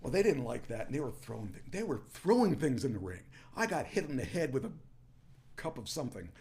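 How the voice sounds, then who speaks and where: A man, a former wrestler, telling stories in a casual podcast chat and rising into a loud promo voice when he quotes himself. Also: medium pitch, fairly quick, slight background noise. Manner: animated, shouts into promo voice when quoting himself. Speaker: former pro wrestler guest. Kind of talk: casual storytelling.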